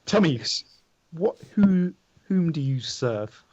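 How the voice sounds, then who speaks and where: A man's voice: a little high, expressive, slow, dark tone, highs cut off. A man voicing a stern, suspicious knight who speaks in formal, archaic words. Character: stern suspicious male knight guarding a road.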